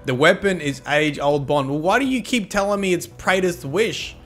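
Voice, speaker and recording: A man's voice: fairly high pitch, normal speed, fairly bright tone, faint music behind. A man streaming a game and chatting casually with his viewers, cheeky and joking as he thanks them and teases the chat.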